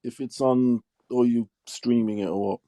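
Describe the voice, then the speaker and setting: A man's voice: medium pitch, steady tone, normal speed, dark tone. A man co-hosting a casual boxing chat, speaking emphatically and closing his points with tag phrases. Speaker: boxing podcast co-host.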